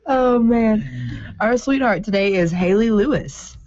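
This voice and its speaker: A woman co-hosting morning radio, chatty and giggly, teasing her partners. Her voice sits at an ordinary pitch. The recording is dull and lo-fi. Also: sing-song, takes it slowly, a crowd in the background. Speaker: radio co-host. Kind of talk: casual radio banter.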